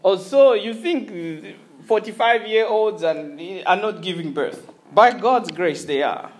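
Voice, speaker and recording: Casting: male preacher, very high voice, sermon storytelling, chuckling. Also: slow pace. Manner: animated storytelling with frequent chuckles and restarts.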